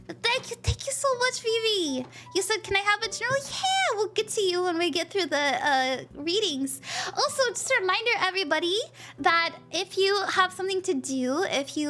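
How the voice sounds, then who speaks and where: Bubbly, high-voiced woman tarot streamer. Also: pushed and bright. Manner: bubbly and chatty, thanks viewers by name. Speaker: tarot reader and stream host. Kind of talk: casual live-stream chat.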